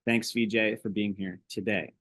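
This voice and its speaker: A young man moderates a public talk and speaks hesitantly, stumbling over fillers as he introduces the speaker and asks his questions. His voice sits fairly low, and the sound is dry and close. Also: steady tone, fairly bright tone, no echo, low-quality recording. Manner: nervous, halting, with many ums and uhs. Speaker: event moderator.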